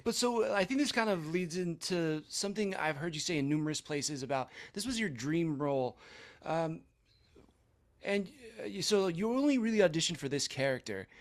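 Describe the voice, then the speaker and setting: A man's voice: fairly high pitch, expressive, moderate pace. A man hosting an interview podcast, easygoing and making jokey asides. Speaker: podcast host. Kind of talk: casual interview chat.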